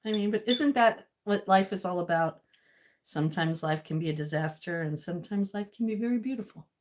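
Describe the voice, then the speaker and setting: This woman talks fairly quickly in a fairly low voice. She's a cooking vlogger rambling to herself and her viewers in her home kitchen, laughing often over the clink of dishes and cutlery.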